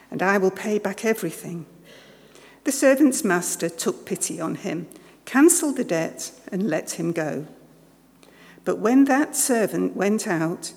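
A woman reading a Bible passage aloud in a steady, careful way during a church service. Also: mid-range voice, gravelly. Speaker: scripture reader. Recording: long reverb of a large church.

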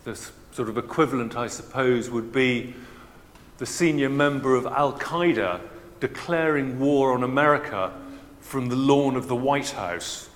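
A man preaching a sermon in a measured, explanatory, conversational way. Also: mid-range voice. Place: church. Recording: long church reverb.

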